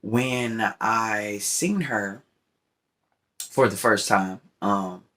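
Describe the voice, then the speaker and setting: A deep-voiced man shares his opinions in an easygoing, rambling vlog. He speaks at an unhurried, drawn-out pace, with a voice that sits fairly low. He keeps circling back to the listener with a repeated conversational check-in. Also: sharp tone. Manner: rambling, repeats "you know what I'm saying". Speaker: vlogger. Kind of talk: casual opinion talk while smoking.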